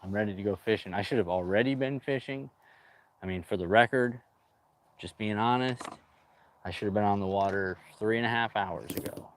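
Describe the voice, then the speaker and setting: Man, low voice, casual rambling vlog, outdoors, working on a boat, jokey. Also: fairly quick. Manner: chatty, rambling, says dude a lot. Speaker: boat restoration vlogger.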